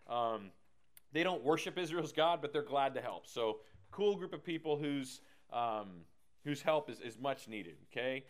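Energetic, joking Bible teacher, a man. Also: mid-range voice, unhurried.

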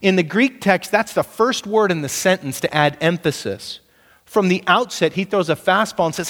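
A man's voice: sits high, normal speed, a bit bright, long reverb tail. A man preaching a sermon as pastor, emphatic and punchy, asking his listeners rhetorical questions.

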